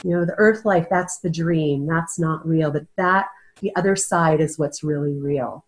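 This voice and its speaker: A woman's voice: low-pitched, a little slow, low-quality recording. A woman, a guest in an interview, speaking in an earnest, searching way and often restarting her sentences. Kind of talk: casual interview talk. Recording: audio-only interview.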